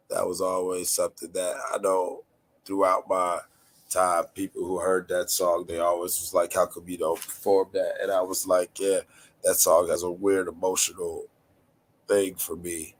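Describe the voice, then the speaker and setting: A man from North Carolina with a raspy, nasal voice, chatting casually as a podcast host in a laid-back, rambling, slangy way. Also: low-pitched, level tone, a little slow. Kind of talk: casual chat.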